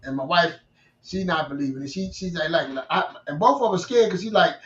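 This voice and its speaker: A man telling a long personal story in a casual interview, animated, restarting and repeating himself. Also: high-pitched, a little fast. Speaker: guest. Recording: roomy, distant, dull-sounding mic.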